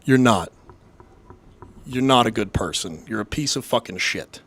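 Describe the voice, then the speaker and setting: A man's voice: fairly low pitch, lively intonation, a little slow, a bit bright, husky. A young man hosting his stream, ranting and rambling with constant swearing as he reads and answers chat. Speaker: streamer host. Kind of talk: casual profane live-stream rant.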